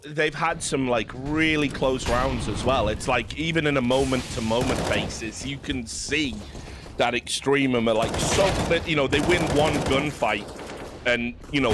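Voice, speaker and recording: A man's voice: medium pitch, heavy background noise. A man, casually commentating a game and telling rambling, self-mocking stories. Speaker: esports caster.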